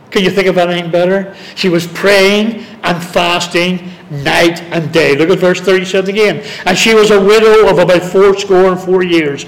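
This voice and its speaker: A man teaching a Bible study in sermon style. He reads scripture slowly and deliberately, stressing words one at a time. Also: high voice. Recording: long reverb of a large hall.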